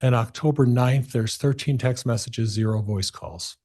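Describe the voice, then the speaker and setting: A man's voice: medium pitch, normal speed, warm tone. A man working as a defense attorney, methodically questioning a witness in a courtroom with some hesitations.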